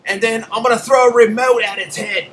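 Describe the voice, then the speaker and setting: A man's voice: very high-pitched, steady tone, brisk, a little hiss or hum, pitched above the performer's own voice. A man putting on an exaggerated Australian accent as a brash crocodile-wrangler man. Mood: rowdy. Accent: put-on Australian. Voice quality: shouty, exaggerated.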